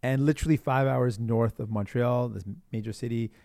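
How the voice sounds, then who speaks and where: A man in his forties, a politician guest on a casual podcast, telling animated stories and laughing often. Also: medium pitch, fairly quick, creaky, no echo, studio quality.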